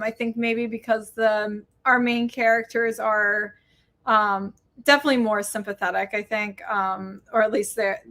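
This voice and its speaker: A woman's voice: fairly high pitch, fairly bright tone. A woman co-hosting a casual podcast chat, talking in a chatty way with many filler words. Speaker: podcast co-host.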